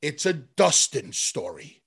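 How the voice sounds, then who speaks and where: A man's voice: on the high side, big pitch swings, slow pace, creaky, fairly bright tone, slightly rough. A man hosting a talk show, emphatic and talking over others. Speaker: host.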